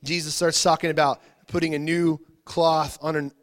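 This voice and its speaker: A man's voice: on the high side, level tone, moderate pace. A male pastor giving a conversational sermon, informal, often repeating words and asking the congregation questions.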